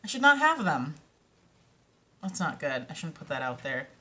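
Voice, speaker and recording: A woman's voice: sits low, very animated, moderate pace, bright, forceful tone. A tired woman with a Minnesotan accent chatting in a casual vlog, rambling and self-doubting, often dropping into whispers. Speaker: vlogger and audiobook narrator.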